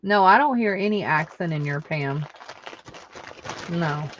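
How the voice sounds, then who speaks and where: A woman's voice: low-pitched, lively intonation, unhurried, dull audio, a little hiss or hum. A woman hosting a live online craft sale, chatting casually and answering viewer comments aloud. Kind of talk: casual live-selling chat.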